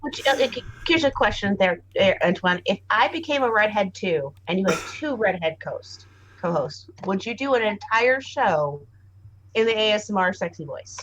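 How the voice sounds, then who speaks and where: A woman's voice: medium pitch, animated, moderate pace, a bit bright, lo-fi sound, a little hiss or hum. A woman co-hosting a casual comedy show, teasing and giggling with the others. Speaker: podcast co-host. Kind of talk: casual banter.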